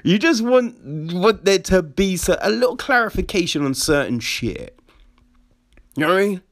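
Animated laughing man ranting casually. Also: high voice, moderate pace. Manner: laughs often, swears, animated rants. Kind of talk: casual chat.

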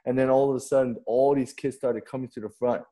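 A young male pastor gives a sermon in a relaxed, chatty way, like he's talking to friends. His voice is mellow and warm, at an ordinary middle pitch. He often trips over and repeats words as he starts sentences. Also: fast. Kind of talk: sermon with personal storytelling.

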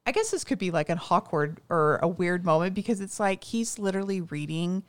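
A woman co-hosting a casual chat, retelling scenes haltingly with many fillers and quoted lines. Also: fairly low pitch, lively intonation. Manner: hesitant storytelling with many fillers, acting out quotes. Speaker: podcast co-host. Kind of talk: casual chat recapping a TV movie.

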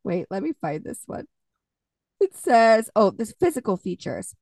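Chatty woman with a gravelly voice. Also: medium pitch, sing-song, unhurried, darkish tone, no echo, distant mic. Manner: chatty, laughs often, swears casually. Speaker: podcast co-host. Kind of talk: casual chat.

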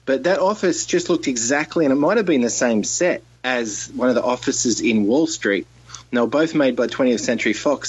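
A man from Australia chatting casually on a podcast about a film he remembers, recalling details slowly with fillers. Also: medium pitch, husky, no room sound. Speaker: podcast co-host. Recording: dull lo-fi sound.

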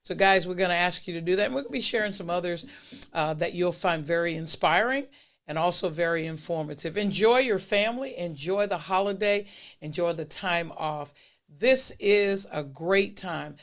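A podcast host giving listeners an encouraging holiday message, laid out as numbered points and repeating key phrases for emphasis. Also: mid-range voice. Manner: steady, unhurried delivery with list-style points.

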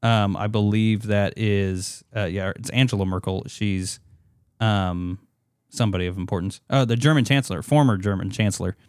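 A man's voice: fairly low pitch, normal speed, darkish tone, clear, resonant tone, no room sound, clean studio sound. A man co-hosting a podcast, reading out odd news headlines in a joking, offhand way with plenty of fillers and restarts. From not British. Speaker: podcast co-host.

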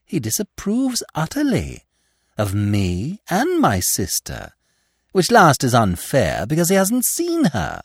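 A man's voice: fairly high pitch, huge pitch swings, slow pace, slightly rough, no room sound, studio quality, heavily acted. A man voicing a brash, teasing young actress who talks in a chatty, slangy way, read as an audiobook character. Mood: mock-sulky.

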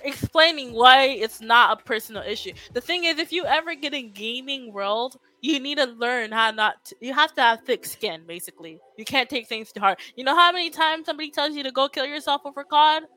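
Bright-voiced woman chatting bluntly. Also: sits high, a little fast, few pauses, faint music behind, rough recording. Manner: laughing, blunt. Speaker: podcast co-host. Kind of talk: casual podcast chat.

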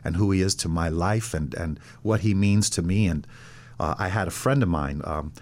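A middle-aged pastor with a deep, darkish voice shares his faith testimony in an interview at normal speed. He acts out the voices of the people in his story.

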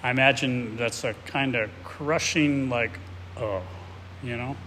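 A male pastor delivers an expository sermon that includes a read-aloud excerpt, speaking in a conversational, reflective way and sometimes restarting sentences. His mid-pitched, sharp-toned voice stays fairly even at a measured pace, with a long reverb tail from a large hall and faint hiss behind it.

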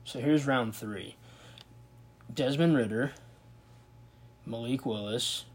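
A man with a husky, somewhat breathy voice and a mid-range pitch hosts a casual sports commentary video. He thinks aloud and reacts with open disbelief as he goes. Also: slow. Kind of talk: casual commentary on a football draft.

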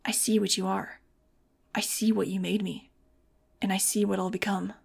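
Woman reading a flat, quiet young man. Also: mid-range voice, moderate pace, creaky.

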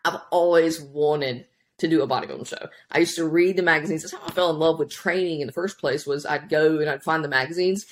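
Woman, 30s, podcast guest, casual storytelling, rambling, animated. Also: deep voice, brisk. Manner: rambling, animated, many restarts. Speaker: podcast guest, powerlifting coach.

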